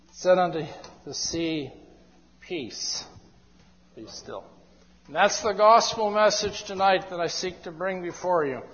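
A man preaching an evangelistic sermon in a church hall, with slow, emphatic, drawn-out phrasing. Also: a little high, fairly bright tone. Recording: dull echoey hall recording.

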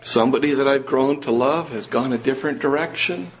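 A man preaching a sermon to a congregation in a church room, earnest and slow, pressing his listeners with rising questions. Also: medium pitch, slight background noise.

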